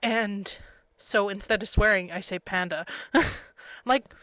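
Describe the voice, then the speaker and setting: Young woman, unhurried rambling webcam vlog, giggly, dry close sound, small room at home. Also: medium pitch, bright, forceful tone, no room sound, rough recording. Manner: chatty, giggly, jumps between stories. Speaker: webcam vlogger. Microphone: built-in webcam mic.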